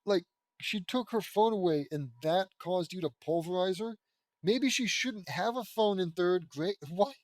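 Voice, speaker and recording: A man's voice: high voice, measured pace, no room sound. A man reading a fan fiction aloud, stopping to mock and swear at the story. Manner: sarcastic, swears, breaks off to mock the text. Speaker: audiobook reader of fan fiction. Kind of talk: reading aloud with off-the-cuff commentary.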